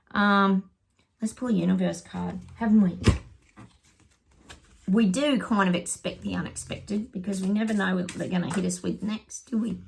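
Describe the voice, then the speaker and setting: A woman's voice: on the low side, creaky, a little hiss or hum. A middle-aged woman, a psychic, chatting casually to viewers while pulling tarot cards, rambling and laughing often. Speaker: psychic giving tarot predictions.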